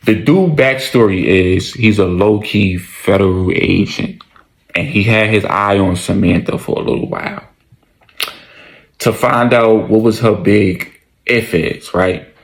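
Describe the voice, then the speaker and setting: A man narrating a storytime in loose, slangy, profane talk, often repeating his lines for emphasis. His voice sits low with a rough, gravelly texture. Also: measured pace.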